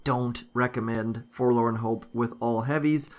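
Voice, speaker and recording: A man's voice: mid-range voice, fairly even intonation, measured pace. A man giving casual commentary over his strategy game, thinking aloud with frequent ums as he walks through his base. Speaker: gaming YouTuber.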